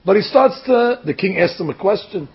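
A man preaching a sermon through a parable, telling the story with fillers and an animated manner. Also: high-pitched, moderate pace, vocal fry, slightly rough. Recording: dull lo-fi recording.

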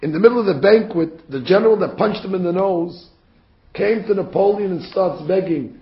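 Animated male Torah teacher, high voice, storyteller; echoey, lo-fi room. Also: normal speed. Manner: animated storyteller, rising to emphatic peaks. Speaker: religious teacher. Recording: roomy, dull recording.

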